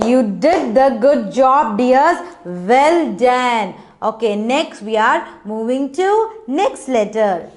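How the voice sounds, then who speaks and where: A woman leads a children's phonics class in a high voice. She talks slowly and coaxingly, repeating each sound and word over and over so the little ones can say it back. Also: very animated, darkish tone. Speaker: phonics teacher.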